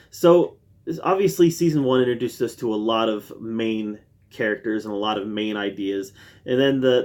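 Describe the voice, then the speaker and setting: Eager male show reviewer, casual chat. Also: medium pitch. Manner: enthusiastic, with frequent fillers and restarts. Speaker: host of a TV review channel. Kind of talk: casual spoken ranking review.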